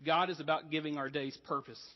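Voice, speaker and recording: A man's voice: on the high side, fairly even intonation, fairly quick, long reverb tail, highs cut off. A man preaching a sermon as pastor, conversational and earnest, with casual asides to the congregation. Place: church sanctuary.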